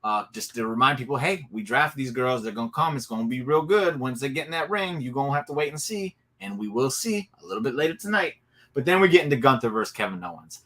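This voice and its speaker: An excitable man hosting a casual wrestling recap, telling the matches in an animated way with plenty of asides. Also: medium pitch, quick pace. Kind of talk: casual solo recap talk.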